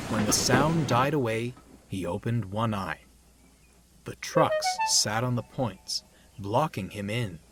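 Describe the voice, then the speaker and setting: Guy reading a kids story, lively pitch, loud hiss behind. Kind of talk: storybook narration. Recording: loud background noise.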